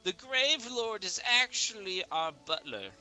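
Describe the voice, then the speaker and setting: Theatrical man in a bright voice. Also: high-pitched, unhurried, clean tone. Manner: theatrical, swinging from loud excitement to hushed solemn tones. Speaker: roleplaying torchbearer character. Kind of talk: improvised game role-play.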